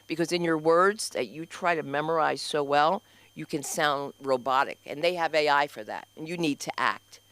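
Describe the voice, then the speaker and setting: New lady doing standup, loud animated storytelling, bright voice, dry sound. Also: low voice, moderate pace, dry recording. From New York. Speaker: comedian and host. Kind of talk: stand-up comedy set. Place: small comedy club stage.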